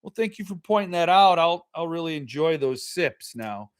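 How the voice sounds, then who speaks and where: A man's voice: fairly high pitch, animated, normal speed, smooth. Sarcastic, profane man ranting. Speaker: podcast host. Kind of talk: ranting commentary.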